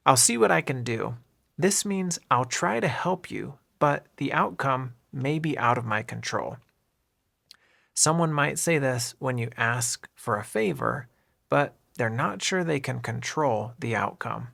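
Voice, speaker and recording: Expressive and a bit bright, a male English teacher's mid-pitched, gravelly, creaky voice carries a scripted lesson narration. He works through each phrase with clear, deliberate delivery, pointing out how the words link up.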